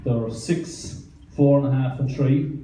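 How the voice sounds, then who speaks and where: An Irish man in his thirties doing rambling, deadpan stand-up at an open mic night. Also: mid-range voice, slow pace, slight background noise. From Ireland. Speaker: stand-up comedian. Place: small wine bar open mic night. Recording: roomy, distant bar recording.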